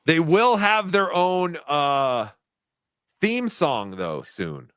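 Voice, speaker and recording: Male livestream host, casual, smooth clear voice, dry close mic. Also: fairly high pitch, very animated, very slow, fairly bright tone, no echo. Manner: loose, laughing, swears casually.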